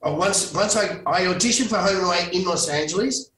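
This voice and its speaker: Man telling stories, slightly high. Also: fairly quick, a bit bright. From Australia. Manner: rambling, frequent restarts, swears for emphasis. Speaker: guest, former soap actor. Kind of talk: casual storytelling interview. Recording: echoey room, distant mic, faint noise.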